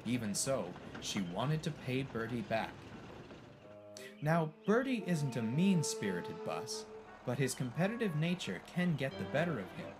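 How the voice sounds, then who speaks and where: A man narrates a storybook in an expressive, animated way. His voice sits at a middling pitch and rises and falls constantly. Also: measured pace, over music.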